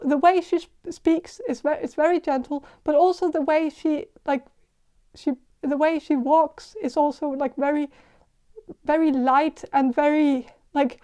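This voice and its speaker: A woman giving a casual tarot reading, talking in a halting, hesitant way with many fillers and restarts. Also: high voice, steady tone, dark tone. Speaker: tarot reader.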